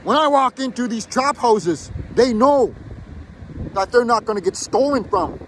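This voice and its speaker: Furious high-voiced man ranting outdoors. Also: animated, measured pace, fairly bright tone, slight background noise. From Canada. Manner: heated, profane, defiant. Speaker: video blogger. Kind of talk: angry outdoor rant to camera. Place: outdoors in a built-up area.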